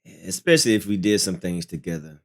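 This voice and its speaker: A man hosting a reaction video, calmly musing with hesitant restarts. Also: sits low, fast talker. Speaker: host reacting to a clip. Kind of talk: reaction commentary.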